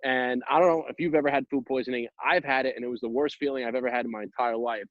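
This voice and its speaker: A man co-hosting a podcast chat, telling stories in an animated way and filling gaps with "like" and "you know". His voice sits at a middle pitch. The recording is dry and slightly muffled. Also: fast, no room sound. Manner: animated storyteller, full of fillers like "you know". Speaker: podcast co-host.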